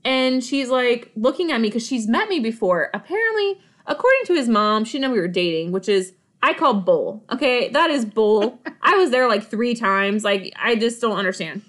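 A woman's voice: fairly high pitch, expressive, normal speed, few pauses, fairly bright tone. A woman co-hosting a podcast, telling a personal story in an emphatic, dramatic way with frequent asides and laughs. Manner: laughs while talking. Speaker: podcast co-host.

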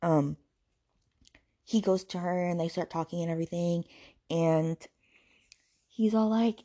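A woman's voice: fairly low pitch, flat delivery, a little slow, dark tone. A woman hosting a book podcast, ranting sarcastically about a novel and swearing freely. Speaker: podcast host reviewing books.

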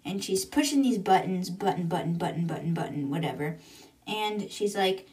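With a fairly low, slightly mellow voice and lively intonation, a woman talks at normal speed on her podcast. She casually recaps a book chapter by chapter, often going into quotes with "she's like." The room echoes and she's far from the microphone.

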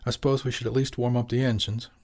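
A man's voice: medium pitch, flat delivery, fast talker, a little mellow, close to an everyday voice. A man reading an audiobook, voicing an easygoing middle-aged fishing boat skipper in a plain, friendly way.

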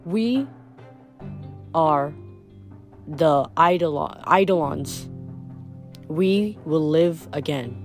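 A woman voicing a cold spirit that possesses a boy and speaks slowly and haltingly, with flat menace. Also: low-pitched, soft background music, pitched below the performer's own voice, exaggerated voice. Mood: cold, menacing.

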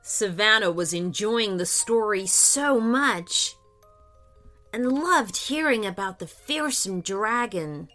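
A woman narrating a children's story with a warm, expressive and animated delivery. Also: medium pitch, takes it slowly, faint music behind. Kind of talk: scripted storytelling for kids.

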